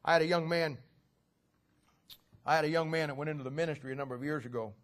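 A middle-aged male pastor telling stories from his own ministry during a sermon, building toward loud impassioned preaching. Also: on the high side, steady tone, quick pace.

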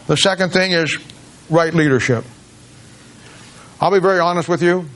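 A middle-aged man preaching a sermon to a congregation, halting with many restarts and rising to emphatic peaks. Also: on the high side, a bit bright. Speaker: pastor.

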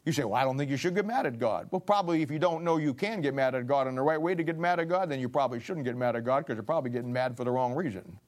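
A man's voice: mid-range voice, very fast, few pauses. A man preaching a sermon, animatedly acting out a biblical figure's complaints. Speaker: pastor.

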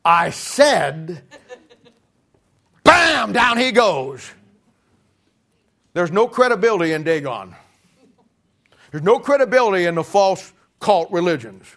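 A man preaching a lively sermon, telling Bible stories with shouted lines, quiet asides and laughter. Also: high voice, unhurried, pauses often. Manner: animated, swings from shouting to quiet asides, laughs at his own jokes. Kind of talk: sermon with storytelling.

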